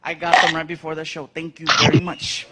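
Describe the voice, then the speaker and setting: High-voiced man doing stand-up before a crowd. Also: a little fast. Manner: animated, acts out voices. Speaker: stand-up comedian. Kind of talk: stand-up comedy storytelling. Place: live comedy stage before a laughing audience. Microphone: stage microphone. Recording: live show with crowd and noise.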